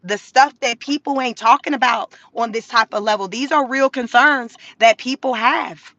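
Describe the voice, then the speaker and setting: Brash high-voiced woman ranting in her car. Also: moderate pace, fairly bright tone, no echo. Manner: blunt, profane, mocking. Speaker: vlogger. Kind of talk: casual commentary rant. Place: inside a car.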